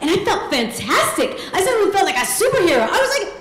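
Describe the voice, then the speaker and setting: A woman in her thirties tells a comic true story to a live audience, and her voice sits high. She pokes fun at herself and acts out the other people in the story. The recording carries the echo of the venue. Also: big pitch swings, fast talker, fairly bright tone. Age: 30s. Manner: comic, self-deprecating, acts out quoted voices.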